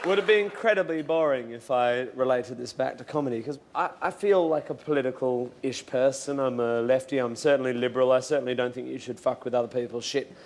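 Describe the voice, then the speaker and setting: A man's voice: medium pitch, a little fast, few pauses, darkish tone, a little hiss or hum. Earnest swearing comedian man. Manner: earnest, reflective, swears freely. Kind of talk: panel chat among comedians.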